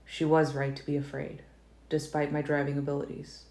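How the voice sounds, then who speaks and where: Low-voiced woman reading an audiobook. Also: vocal fry. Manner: calm, measured first-person reading. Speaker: audiobook reader. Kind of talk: fan audiobook narration. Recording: roomy echo, faint noise.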